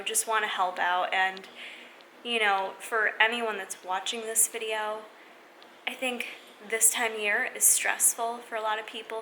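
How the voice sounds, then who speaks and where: Bright-voiced earnest woman vlogger. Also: mid-range voice, a little hiss or hum, rough recording. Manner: halting and earnest, many fillers and restarts. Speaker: fitness vlogger. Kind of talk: casual vlog talk to camera.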